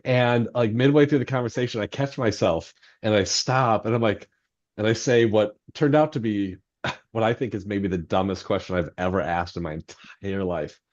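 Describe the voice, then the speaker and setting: A man's voice: lowish voice, normal speed, muffled recording. A man, a novelist guest on a podcast, telling a self-deprecating story in a rambling way full of fillers. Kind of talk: anecdotal storytelling in podcast interview.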